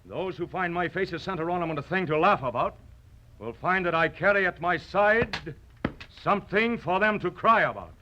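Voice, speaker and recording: A man's voice: sits high, animated, normal speed, bright, forceful tone, muffled recording, a little hiss or hum. An actor playing a proud, mocking poet swordsman with a huge nose, declaiming in theatrical old radio-drama style. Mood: indignant. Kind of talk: vintage radio drama acting.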